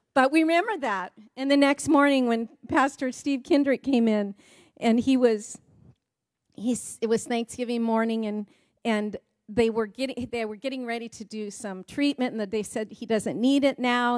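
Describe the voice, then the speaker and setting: A woman preacher delivers a sermon in a fairly high voice. Her cadence builds through repetition, jumping between loud emphatic bursts and quiet hushed stretches. The sound is dry and close. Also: dry recording. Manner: dramatic swings between loud emphasis and soft quiet passages. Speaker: preacher, pastor's wife.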